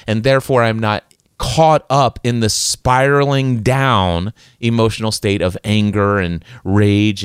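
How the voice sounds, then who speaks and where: A man's voice: lowish voice, clear, resonant tone, no room sound, studio quality. A man as an interview guest, earnestly explaining self-awareness, often repeating words as he talks. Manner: earnest, repeats words and acts out his inner voice. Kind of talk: reflective self-help talk.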